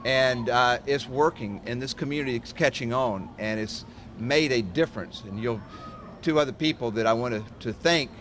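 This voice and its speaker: Man, mid pitch, halting podium remarks as county commissioner, lots of fillers, faint room noise. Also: fairly bright tone. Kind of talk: formal public speech.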